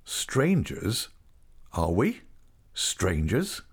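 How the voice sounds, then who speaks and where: A man voicing an insistent, hot-tempered gentleman suitor who questions forcefully. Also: mid-range voice, big pitch swings, measured pace.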